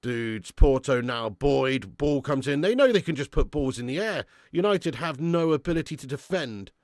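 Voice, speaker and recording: A man hosting a live football watch-along, calling the play and chatting casually with viewers, swearing freely and swinging between excited shouts and weary sighs. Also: medium pitch, normal speed, dry recording, studio quality. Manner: casual and matey, thanks viewers by name. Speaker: fan channel host doing live match watch-along.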